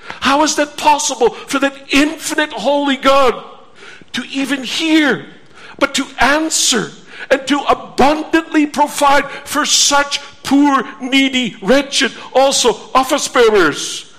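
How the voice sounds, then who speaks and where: A male preacher with a very high voice, delivering a sermon at a slow, deliberate pace. He asks earnest rhetorical questions and reads scripture aloud. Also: a bit bright.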